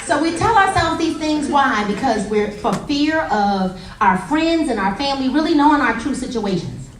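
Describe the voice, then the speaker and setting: Animated woman speaker, high lively voice. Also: moderate pace, background noise. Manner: animated, humorous storytelling with acted quotes. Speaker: motivational speaker. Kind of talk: motivational talk to a live audience. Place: meeting room with an audience. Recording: echoey room, voice from a distance, faint crowd.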